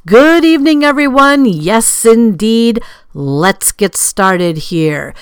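A woman hosting and producing a podcast, introducing her guest with bright, upbeat welcomes and drawn-out name announcements. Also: on the high side, lively intonation, smooth, dry recording.

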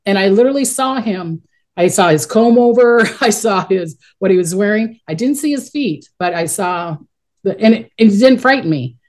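A woman's voice: mid-range voice, lively intonation, moderate pace, darkish tone. A middle-aged woman telling stories in a casual interview, rambling and chatty, often restarting her sentences. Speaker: guest, psychic medium.

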